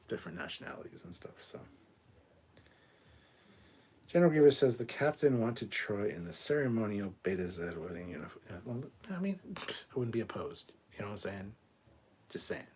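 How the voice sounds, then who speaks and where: A man with a husky, somewhat low voice hosts a relaxed live show. He reads out viewer comments one after another and answers each with blunt, swearing asides. His delivery is loose and off the cuff. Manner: blunt and profane, with quick asides. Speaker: livestream host. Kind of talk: casual live chat, reading viewer comments aloud.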